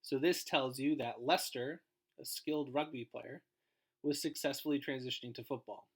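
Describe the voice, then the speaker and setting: A man's voice: mid-range voice, normal speed, slightly rough. A man giving a recorded grammar lesson as a guest teacher, explaining in an informal way and trailing off at the ends of phrases.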